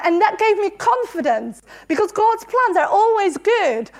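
Very high-voiced woman preaching earnestly. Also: sing-song, unhurried. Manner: earnest and emotional, laughing between phrases. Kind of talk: sermon.

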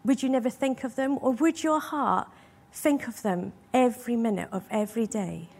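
A woman's voice: fairly high pitch, normal speed, a little mellow. Earnest woman preaching a heartfelt sermon. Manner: earnest, emotional, asks many rhetorical questions.

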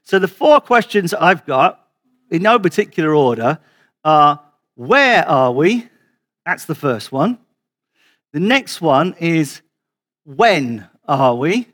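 A man preaching to his church over a video call, repeating and restarting words and slowing down to stress key questions. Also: a little high, very animated, a bit bright. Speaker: pastor.

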